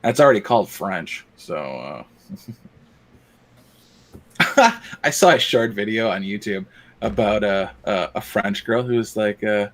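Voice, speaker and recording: Rambling man with a lively voice. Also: lowish voice, a little slow. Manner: rambling storyteller, many uh fillers and laughs. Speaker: podcast co-host. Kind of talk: casual chat.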